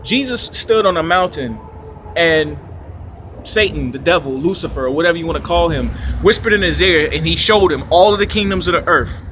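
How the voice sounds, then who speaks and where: A man's voice: a little high, expressive, moderate pace, fairly bright tone, a little hiss or hum. A man giving rambling, emphatic off-the-cuff commentary outdoors, with a preachy tone and rhetorical questions. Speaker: video commentator. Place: outdoors in a city park.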